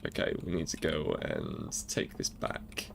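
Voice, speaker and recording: A man's voice: rumbling low, very animated, a little slow, vocal fry, very noisy. A man playing through a game, thinking aloud and asking question after question in an earnest, emotional way. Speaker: gaming streamer. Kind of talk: let's play commentary.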